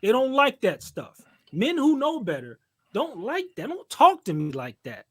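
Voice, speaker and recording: High-voiced, blunt, animated man. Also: normal speed. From California, United States. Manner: animated, blunt, opinionated, laughs often. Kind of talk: casual podcast discussion.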